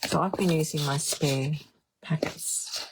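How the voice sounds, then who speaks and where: A woman's voice: low-pitched, unhurried, heavy background noise. A woman demonstrating card making on a live stream, chatting and thinking aloud as she decides. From Australia. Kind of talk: live crafting stream chat.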